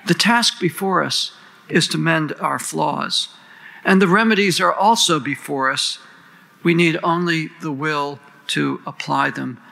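Gravelly, bright-voiced man giving a formal speech. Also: fairly high pitch, poor audio. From United States. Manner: earnest, rhetorical, lists and questions. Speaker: panel moderator introducing speakers.

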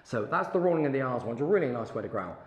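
This middle-aged sax teacher has a mid-range voice and races along, very animated, as he demonstrates sounds and encourages his student in a chatty hands-on lesson. The room echoes, and there's faint background noise.

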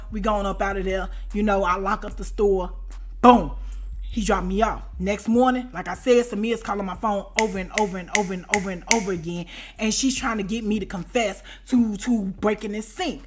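A woman in her forties tells a storytime tale in a loose, chatty way. Her voice sits a little high, and she keeps checking in with her listeners through constant asides and plenty of slang. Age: 40s. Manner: animated, repeats "you know what I'm saying". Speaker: storyteller vlogger. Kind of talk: casual storytime.

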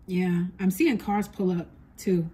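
Husky, low-key woman giving a psychic reading. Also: fairly even intonation, slow pace. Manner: soft and earnest, relays a spirit's words. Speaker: psychic medium. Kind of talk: spoken psychic reading to viewers.

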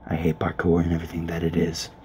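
Man, low monotone whisper, profane muttered gameplay commentary from a closet. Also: fast talker. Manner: hushed, grumbling, profane. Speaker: let's player. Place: small closet. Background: faint background noise.

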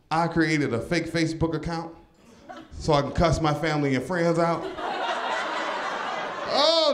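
A man from Detroit doing an animated stand-up comedy set on a club stage into a handheld mic. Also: roomy sound, background noise. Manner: animated storytelling, high squeaky voices for quoted people. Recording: live club with crowd laughter.

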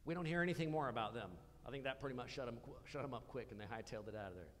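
A man's voice: medium pitch, very fast. Man preaching in a reverberant church hall. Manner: conversational, asks the congregation questions. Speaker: pastor. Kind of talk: sermon.

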